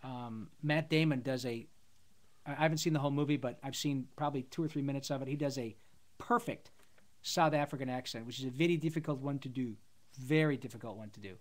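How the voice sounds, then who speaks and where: A man's voice: mid-range voice, a little fast. A middle-aged man, a voice actor, chatting enthusiastically in a live Q&A, rambling with many fillers and restarts. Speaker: voice actor guest. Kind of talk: casual live Q&A chat.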